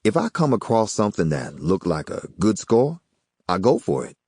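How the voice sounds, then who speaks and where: A man's voice: lowish voice, huge pitch swings, normal speed, darkish tone, breathy edge, dry recording, clean studio sound, heavily acted. A man voicing a cocky hustler with a folksy, drawling in an audiobook. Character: smooth-talking Southern man, a cocky small-time hustler. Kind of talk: audiobook character voice.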